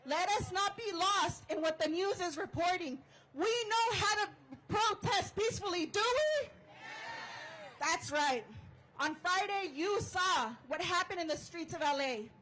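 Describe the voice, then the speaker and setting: A woman's voice: very high-pitched, expressive, measured pace, a little hiss or hum, low-quality recording. Fields: Sex: woman. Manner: impassioned rally speaker. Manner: impassioned, shouting chants to a crowd. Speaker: union organizer speaking at a rally. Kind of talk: rally speech with call-and-response chants. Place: outdoor protest rally.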